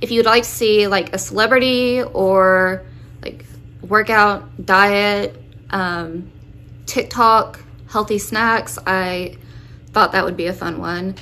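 Slow-talking woman vlogger. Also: medium pitch, steady tone, bright, forceful tone. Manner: chatty and informal, with fillers. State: out of breath. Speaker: fitness vlogger. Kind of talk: casual home vlog. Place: home.

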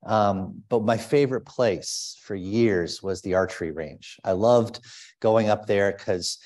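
A man's voice: on the low side, takes it slowly, a little mellow. A male priest giving a conversational sermon, telling a personal story with many fillers. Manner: chatty, with fillers and restarts.

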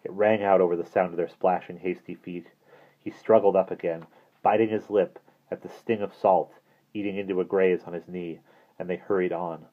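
Low voiced guy reading a book aloud, steady pace, tinny phone-like audio. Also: normal speed. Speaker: audiobook reader. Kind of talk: audiobook narration.

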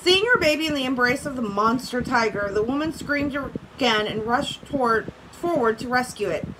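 A woman teacher reads a story aloud from home in a fairly high voice. She stops now and then to make casual asides to her class. A steady hiss and clicks sit under the noisy recording. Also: normal speed. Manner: breaks off to comment casually and laugh.

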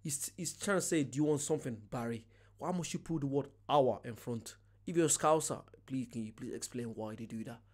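A man hosting a reaction video, chatting casually in an excitable way and laughing often. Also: medium pitch, a little fast.

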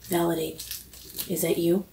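A woman's voice: lowish voice, flat delivery, measured pace, vocal fry, warm tone, a little hiss or hum. A woman on a ghost hunt calling out to a spirit, coaxing it with repeated commands. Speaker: paranormal investigator. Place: old basement, indoors. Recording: echoey basement, mic at a distance.

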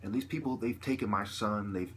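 A man's voice: on the low side, brisk, fairly bright tone, a little hiss or hum. A man delivering a long, agitated, profane vlog monologue to camera, peppered with "you know.". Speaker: video blogger.

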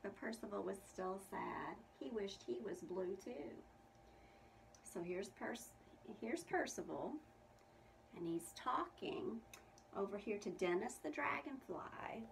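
A woman's voice: mid-range voice, expressive, takes it slowly, vocal fry. A woman preschool teacher reading a picture book aloud to young children, asking them questions about the pictures. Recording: distant mic with faint room noise.

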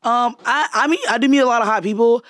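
A woman's voice: fairly high pitch, fast, fairly bright tone, dry recording, clean studio sound. A woman hosting a podcast, bantering in a flirtatious, profane, casual way. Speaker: podcast host. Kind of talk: casual chat.

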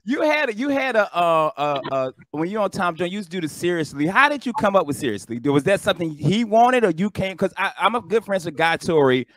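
A man co-hosting a radio talk show, firing off eager questions that trip over their own starts. His voice is high for a man. The sound is dry and close. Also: very animated, a little fast, hardly any pauses, fairly bright tone, no echo. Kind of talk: casual interview chat.

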